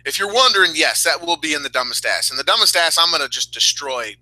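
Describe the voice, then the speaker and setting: A man's voice: a little high, fast, no room sound, low-quality recording. A man hosting a casual wrestling podcast, ranting with heat and frequent swearing. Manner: profane, heated, animated ranting. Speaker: podcast host.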